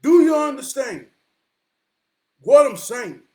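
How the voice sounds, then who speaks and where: A man giving a preachy motivational monologue, emphatic and profane, often rising to a shout and slowly repeating key lines for weight. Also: very high-pitched, very animated. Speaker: motivational vlogger.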